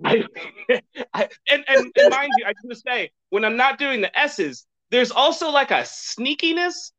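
A man hosting a podcast in casual chat, rambling and excitable and laughing often. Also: extremely high pitch, moderate pace. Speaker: podcast host.

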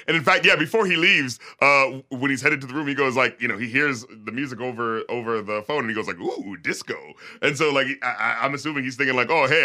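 Bright-voiced rambling man retelling a film. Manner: rambling, animated, acts out scenes in low mock voices. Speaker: podcast co-host reviewing a film. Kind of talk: casual chat.

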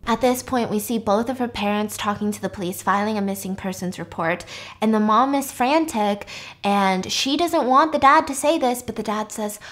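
A woman's voice: mid-range voice, moderate pace. A woman hosting a podcast, casually retelling a movie plot, acting out the characters and swearing freely. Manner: animated, acts out characters with quoted voices, swears freely. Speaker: podcast host.

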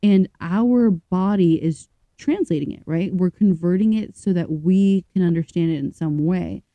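Low, mellow-voiced woman co-host. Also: measured pace, no echo, lo-fi sound. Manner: chatty, thinks aloud with fillers and restarts. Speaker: podcast co-host. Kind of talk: casual podcast chat, reading stories aloud.

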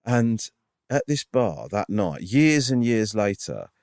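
A man with a fairly low voice that swings a lot in pitch, recorded close and dry. He is a comedian telling a story, full of "like" and restarts. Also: sing-song, slow pace, a little mellow, no room sound. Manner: rambling, lots of filler "like", indignant. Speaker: stand-up comedian. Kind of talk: casual podcast chat, anecdote.

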